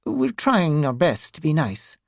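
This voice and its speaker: A woman voicing a young woman detective's partner, firm but gentle. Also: deep voice, big pitch swings, unhurried, creaky, no room sound, clean studio sound, full character voice.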